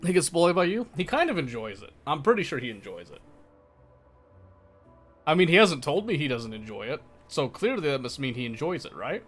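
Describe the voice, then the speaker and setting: A man's voice: on the high side, big pitch swings, brisk, fairly bright tone, faint music behind. A young man live-streaming a game, chatting casually with his viewers in a playful, teasing, mock-defensive way. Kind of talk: casual live-stream chat while gaming.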